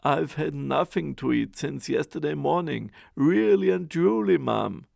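Man voicing a polite hungry boy for a storybook: pleading, lightly raised, gravelly. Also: fairly high pitch, expressive, a little slow, darkish tone, no echo, clean studio sound, voice pushed up, full character voice. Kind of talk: storybook reading.

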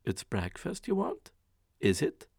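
A man voicing a big, fussy ogre's wife in a storybook reading, speaking high, loud and bustling. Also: wildly swooping pitch, unhurried, gravelly, breathy edge, dry recording, clean studio sound, full character voice. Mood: scolding. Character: fussy giant ogre's wife, gruff but kindly.

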